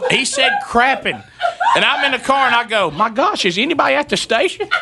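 A man, co-hosting a talk show and telling a comic story in an animated way, mimicking people as he goes. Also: brisk, vocal fry, very noisy. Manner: animated, imitates people in falsetto while telling stories. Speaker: radio show co-host.

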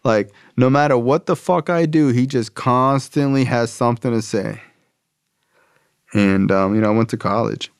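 A man's voice: mid-range voice, normal speed, clean tone, no echo, studio quality. A young man telling a personal recovery story in a casual, profane way, full of slang and fillers.

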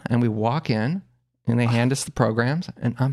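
A man with a middle-pitched, everyday voice tells a long comic story from his childhood. He talks loosely and excitedly, breaks into laughter and pushes his voice up high when he acts out the people he quotes. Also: moderate pace. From Los Angeles area. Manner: animated anecdote teller, acts out quoted voices, laughs often. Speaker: podcast guest telling a story. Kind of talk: casual storytelling.

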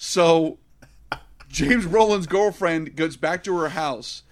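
A man co-hosting a casual movie podcast, retelling scenes in an excitable, profane way. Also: a little high, takes it slowly. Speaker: podcast co-host. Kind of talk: casual movie review chat.

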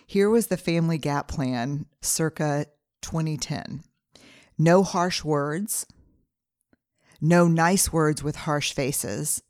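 A woman's voice: deep voice, slow pace, a little mellow, no echo, studio quality. A middle-aged woman hosting her own podcast, talking earnestly and personally as she walks through a numbered family plan with stories from home. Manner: earnest, personal, listing steps with anecdotes. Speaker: podcast host. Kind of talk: reflective solo podcast talk.

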